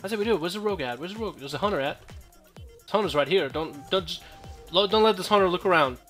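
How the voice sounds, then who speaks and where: A man's voice: sits high, lively intonation, fast talker, a bit bright, faint music behind. A young man giving casual, joking gameplay commentary, full of profane trash talk and rambling asides.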